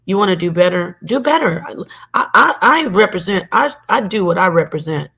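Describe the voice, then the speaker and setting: A woman's voice: lowish voice, lively intonation, a little fast, gravelly, a bit bright. A middle-aged woman giving a heated, profane monologue as a regular on an online show, emphatic and repetitive.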